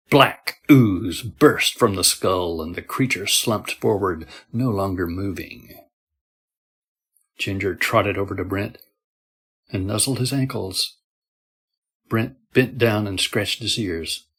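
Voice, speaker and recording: Husky-voiced man narrating horror. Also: lowish voice, fairly bright tone. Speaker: story narrator.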